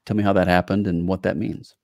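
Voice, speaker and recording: Very deep-voiced male podcast co-host. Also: fast talker, vocal fry, no echo, studio quality. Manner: relaxed, wordy, hedging with fillers. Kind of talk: casual interview chat.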